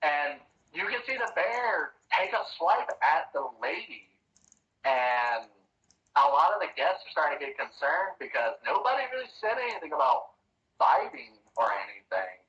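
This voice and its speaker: A man acting as dungeon master, narrating a tabletop game in a relaxed, hesitant way with plenty of ums. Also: fairly high pitch, normal speed, dull audio.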